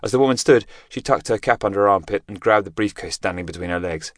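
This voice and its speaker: In a steady, measured manner, this man reads scripted audiobook narration. He has a lowish voice, recorded at studio quality without echo.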